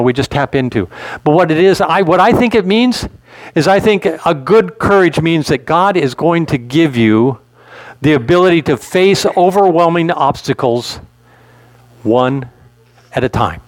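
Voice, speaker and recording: A man's voice: a little high, no echo. A male pastor preaching a sermon in a conversational way, asking his listeners questions.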